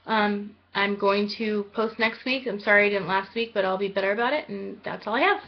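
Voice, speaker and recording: A woman's voice: medium pitch, a little fast. A woman in her thirties talks casually to the camera, rambling and earnest, with plenty of ums and likes. She grows a little teary as she speaks. The home video recording sounds slightly muffled. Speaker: vlogger. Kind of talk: casual weight-loss surgery update vlog.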